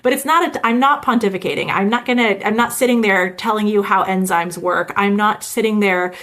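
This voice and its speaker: An emergency physician and author, appearing as a guest, talks casually over a video call interview, full of fillers and restarts. Her voice is medium in pitch and fairly bright, and she speaks a little fast.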